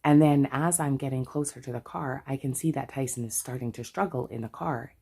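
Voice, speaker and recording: A woman's voice: very deep voice, normal speed, vocal fry, dark tone, breathy edge. A middle-aged Canadian woman telling a story in a casual chat, chatty and full of asides. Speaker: budgeting vlogger.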